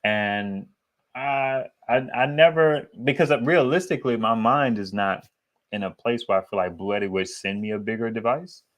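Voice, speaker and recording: A man with a deep, bassy voice chatting casually to his viewers about solar gear, rambling and slangy. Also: moderate pace, a bit bright. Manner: rambling, digressive, slangy and candid. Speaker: solar equipment YouTuber. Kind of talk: casual vlog chat.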